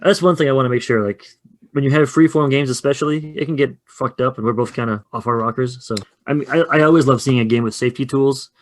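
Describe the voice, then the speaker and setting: A man casually running a two-player tabletop game, chatty and quick to laugh. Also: medium pitch, steady tone. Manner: chatty, laughs often, loose. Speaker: game facilitator. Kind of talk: casual actual-play chat.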